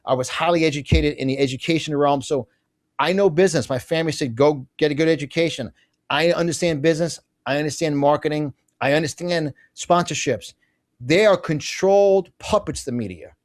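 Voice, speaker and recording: A middle-aged man with a slightly higher voice talks as an interview guest. His delivery is fiery and emphatic. He rushes through asides and often restarts his sentences. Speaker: guest, conservative business publisher. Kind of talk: fiery political interview talk.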